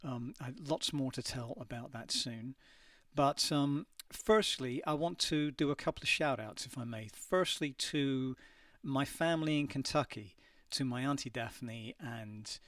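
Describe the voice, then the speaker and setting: A middle-aged man chatting casually on a livestream, reading out viewer messages and greeting people by name with frequent ums and little restarts. His voice sits at an ordinary middle pitch and comes from a little way off the mic. The studio sounds dry, with no echo. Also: a little slow, a bit bright, recorded from a distance. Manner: chatty, hesitant, many ums. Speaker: singer hosting a live stream.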